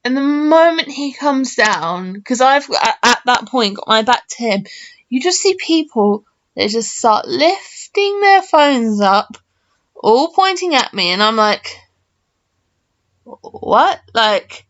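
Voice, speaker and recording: Young woman, rambling storyteller, higher voice, lo-fi mic. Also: big pitch swings, unhurried, a bit bright. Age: early 20s. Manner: chatty, rambling, many fillers and restarts. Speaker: gaming channel host. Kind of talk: casual storytelling to camera. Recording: slightly muffled lo-fi mic.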